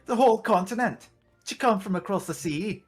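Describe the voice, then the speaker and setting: A woman's voice: mid-range voice, animated, fairly quick, husky. A woman voicing a cheerful, helpful young male townsman in a Scouse accent, reading game dialogue. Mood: surprised. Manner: chatty and polite, bursts of hearty exclamation. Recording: background music under the voice.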